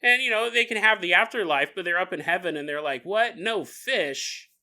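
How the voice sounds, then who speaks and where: A man hosting a podcast, riffing in a comedic monologue, laughing often and acting out quick voices. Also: high voice, lively intonation, sharp tone. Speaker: podcast host.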